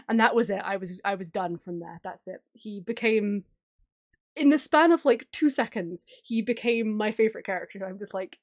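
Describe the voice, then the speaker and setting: A woman's voice: mid-range voice, moderate pace. A woman streamer chatting casually while drawing, gushing and giggling often. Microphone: streaming mic.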